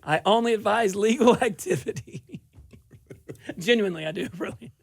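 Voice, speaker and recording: A middle-aged man from South Louisiana hosting a political talk show, delivering a sarcastic, animated monologue with frequent laughs. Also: sits high, normal speed, creaky, breathy edge, no room sound.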